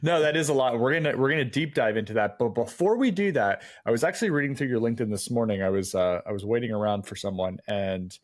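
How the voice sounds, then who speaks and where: A man's voice: medium pitch, fast talker, hardly any pauses. A man hosting a podcast, asking questions in an easygoing, casual way. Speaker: podcast host. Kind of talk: casual interview chat.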